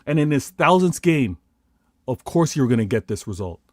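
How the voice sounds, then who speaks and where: A man's voice: medium pitch, very animated, moderate pace, no room sound, clean studio sound. A Canadian man on a football podcast, giving a theatrical fan rant with mock indignation. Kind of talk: casual football podcast chat.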